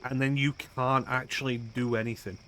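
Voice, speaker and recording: A man's voice: mid-range voice, flat delivery, moderate pace, fairly bright tone, slight background noise. A man streaming a video game, making sarcastic, crude jokes in casual commentary.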